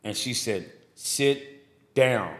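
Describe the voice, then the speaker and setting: On a casual podcast, a middle-aged guest who is both a pastor and barbershop owner tells stories, acting out those he quotes with animation. His medium-pitched voice is extremely slow.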